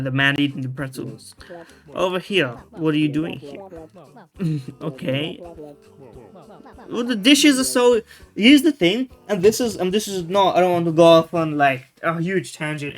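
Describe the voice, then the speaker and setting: A man giving casual gameplay commentary, rambling and restarting his sentences, with loose slang and the odd swear word. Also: on the high side. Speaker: video game streamer. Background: faint game music.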